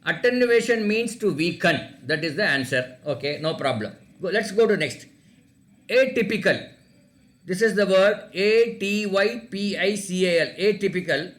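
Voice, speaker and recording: His high-pitched voice is expressive and a bit bright, moving at a moderate pace. He's a teacher running an online oral quiz, repeating questions and spelling out words letter by letter.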